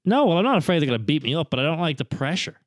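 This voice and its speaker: A man's voice: on the high side, big pitch swings, rapid-fire, no room sound. A young man co-hosting a podcast, telling rambling stories with frequent restarts. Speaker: podcast co-host. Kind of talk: casual chat.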